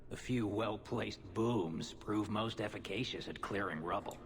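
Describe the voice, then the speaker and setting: An actor playing a blunt, stubborn male dwarf warrior with a gruff manner, in a video game. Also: on the low side, unhurried, background noise. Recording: game audio with long reverb.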